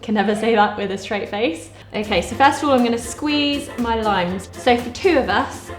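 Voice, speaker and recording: A woman's voice: a little high, normal speed, reverberant, soft background music. A woman talking casually through a home cocktail recipe step by step, joking as she goes, in a kitchen. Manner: chatty, jokey, explaining step by step. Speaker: vlogger. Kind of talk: casual cooking demo.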